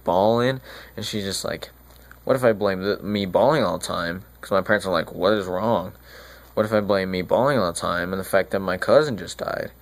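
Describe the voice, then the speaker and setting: A young man playing a rambling, slangy friar. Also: lowish voice. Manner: rambling, slangy, halting with restarts. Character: remorseful friar retelling a tragedy casually. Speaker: student actor. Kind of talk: school monologue in modern slang.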